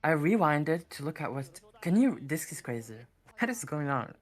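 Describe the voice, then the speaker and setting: A woman's voice: low-pitched, very animated, normal speed. A woman commentating live on a card game tournament, talking in a hesitant, filler-heavy way.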